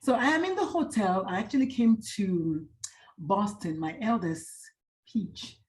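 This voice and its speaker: A middle-aged woman presenter on a video call from a hotel room, chatting warmly and greeting each attendee by name. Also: medium pitch, lively intonation, a little slow, a little hiss or hum. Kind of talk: casual online talk wrap-up.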